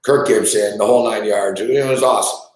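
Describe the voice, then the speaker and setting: A man's voice: lowish voice, fairly even intonation, quick pace. Profane, exasperated man ranting in an echoey room. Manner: swears constantly, frustrated and exasperated, shouting at players. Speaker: sports betting show host. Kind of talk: profane live sports rant.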